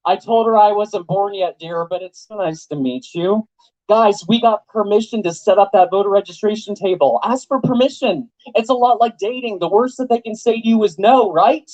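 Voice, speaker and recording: A young man giving an animated, joking rally speech to a live audience, full of rhetorical questions. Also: sits high, moderate pace, muffled recording. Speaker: political activist speaker. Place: event venue with live audience.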